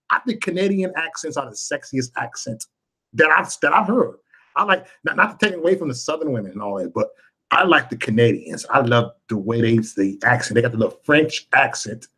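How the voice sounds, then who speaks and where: A man's voice: mid-range voice, lively intonation, normal speed, sharp tone, slightly rough. A man hosting a casual livestream, rambling loosely, greeting viewers one by one and cursing freely. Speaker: livestream host.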